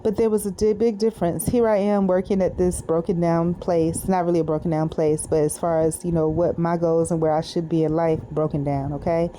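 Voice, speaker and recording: Soft, rambling middle-aged woman vlogger. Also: lowish voice, little pitch movement, a little fast, few pauses, a little hiss or hum. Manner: digressive, soft-spoken, musing with many fillers. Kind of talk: rambling personal video diary.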